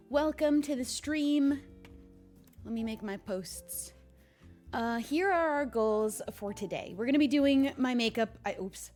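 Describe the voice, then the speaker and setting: A woman's voice: a little high, measured pace, darkish tone, soft background music. A young woman chatting casually on a livestream, bubbly and thanking viewers by name. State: hiccuping. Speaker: streamer.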